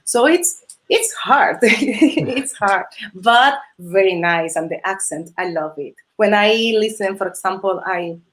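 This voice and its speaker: A woman with a Spanish accent speaks English as a second language in a relaxed live interview. She talks at a mid pitch, hesitating often with fillers and restarts and laughing easily between phrases. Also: measured pace. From Spain. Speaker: Spanish teacher and holiday host. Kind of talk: casual interview chat. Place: video call or live stream.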